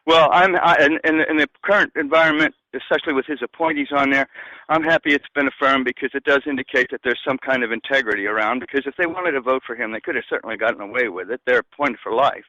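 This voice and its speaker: A male caller talking over the phone on a radio show, emphatic and quick. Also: medium pitch, pushed and bright, no echo. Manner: fast and emphatic. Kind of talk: call-in on a phone. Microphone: phone on speakerphone. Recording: dull lo-fi phone line.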